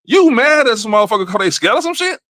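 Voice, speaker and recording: A man's voice: very high-pitched, big pitch swings, quick pace, a bit bright, dry recording. A man hosting a comedic livestream, riffing in loose, profane rants full of repeated fillers. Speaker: show host. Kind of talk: casual comedic livestream commentary.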